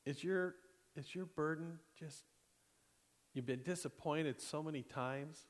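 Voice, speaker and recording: A male pastor preaches a sermon in a church sanctuary, his voice a little high and a little slow, with long hall reverb on the recording. He is animated and conversational, swinging between loud exclamations and hushed, intimate passages and often laughing through his lines.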